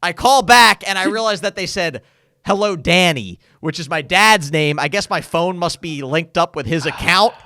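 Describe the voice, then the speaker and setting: A young man co-hosting a podcast, telling stories in a casual, animated chat. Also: high voice, moderate pace, hardly any pauses, no room sound, clean studio sound. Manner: animated storytelling, frequent "like". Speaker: podcast co-host.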